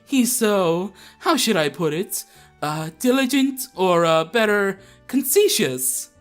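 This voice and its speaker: A man's voice: high-pitched, animated, takes it slowly, faint music behind. A man voicing a chatty mother who muses fondly about her son, reading game dialogue aloud.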